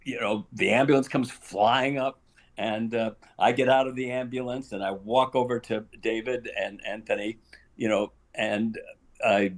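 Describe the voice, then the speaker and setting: A man's voice: mid-range voice, normal speed. An older man, a guest actor on an interview show, telling a long anecdote with frequent chuckles and acted-out lines. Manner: animated storyteller, chuckles often, acts out quoted lines.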